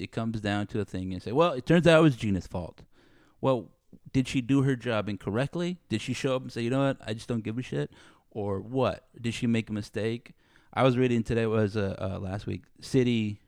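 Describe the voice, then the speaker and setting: A man's voice: lowish voice, a little mellow, no room sound, studio quality. A man in casual podcast chat, ranting and acting out both sides of an argument as he talks. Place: studio under bright lights.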